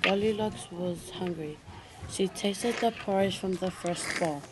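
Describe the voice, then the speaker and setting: A woman teacher reading a storybook aloud in a clear, steady read-aloud manner. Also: on the low side, measured pace, noisy background.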